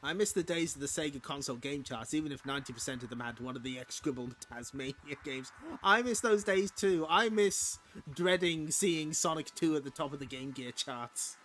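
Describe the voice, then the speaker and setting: Man, stream host, comic read-along, jokey, excitable, high bright voice. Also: moderate pace, soft background music. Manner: excitable, jokey, laughs often.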